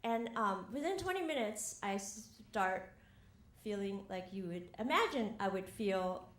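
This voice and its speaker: A woman's voice: mid-range voice, expressive, unhurried, a bit bright. A young woman telling a wry, self-mocking personal story live on stage, often laughing as she talks. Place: theater stage before an audience. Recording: roomy live hall with faint ambience.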